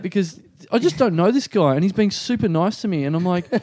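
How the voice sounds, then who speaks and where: An Australian man hosting a podcast, telling a story in an animated, self-deprecating way and acting out what people said. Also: sits high, brisk, few pauses, no echo, clean studio sound. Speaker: podcast host. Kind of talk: casual storytelling chat.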